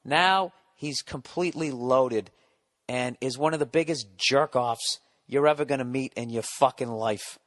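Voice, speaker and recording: A man telling a comic story as a podcast guest, animated, blunt and full of swearing. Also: medium pitch, unhurried.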